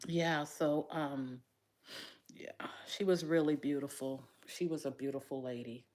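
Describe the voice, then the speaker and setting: Slow, teary, low-voiced woman talking live. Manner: rambling, sighing, soft-spoken, trails off. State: tearful, crying. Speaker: livestream host. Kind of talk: casual live chat to viewers.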